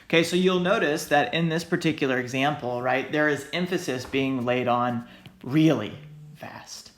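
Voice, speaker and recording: Male teacher, lecture, hedging loose delivery, keeps checking in, slightly high voice, roomy echo. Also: moderate pace, fairly bright tone. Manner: loose, hedging, many "sort of", checks in with "right?" and "okay?". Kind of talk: recorded lecture explaining logic.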